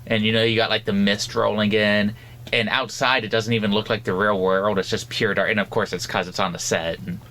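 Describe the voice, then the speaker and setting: A man with a lowish, bright, forceful voice, chatting casually as a podcast co-host. He talks freely and laughs easily, with a faint hiss running under the recording. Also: little pitch movement, brisk. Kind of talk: casual chat.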